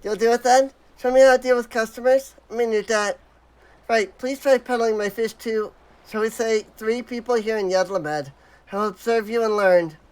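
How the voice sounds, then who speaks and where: A man's voice: high-pitched, steady tone, moderate pace, darkish tone, clear, resonant tone, voice pushed up, natural voice. A man doing a timid elephant-folk fisherman. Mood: grateful. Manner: timid, polite, nervous. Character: shy young male elephant-like fisherman.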